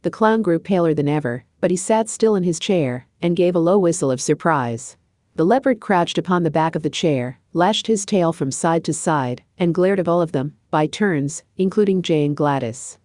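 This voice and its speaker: A woman reads a children's storybook aloud in an even, measured way. Her voice is low, and the recording is dry and close. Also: no echo. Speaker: narrator. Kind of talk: scripted storybook narration.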